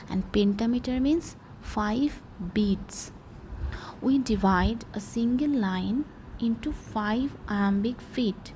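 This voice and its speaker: A woman explains a literature lesson slowly and methodically. She goes step by step in a medium-pitched voice. Faint background noise sits under the voice-over. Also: warm tone, poor audio. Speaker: teacher.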